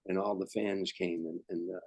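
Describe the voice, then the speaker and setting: A man's voice: low voice, level tone, normal speed, darkish tone, no echo, rough recording. An older male comedian telling anecdotes as a guest, rambling and restarting sentences. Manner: rambling, repeats words, restarts. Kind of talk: anecdotal storytelling.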